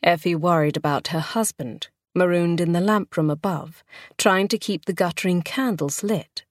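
Casting: female audiobook narrator, lower register, dry close studio sound, measured expressive storytelling. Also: no room sound. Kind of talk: scripted narration.

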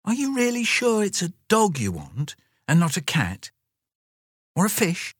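A man's voice: high voice, wildly swooping pitch, measured pace, slightly rough, dry recording, clean studio sound, voice pushed up, heavily acted. A man voicing a worried mother who speaks hurriedly, in a storybook reading. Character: anxious mother, eager to please.

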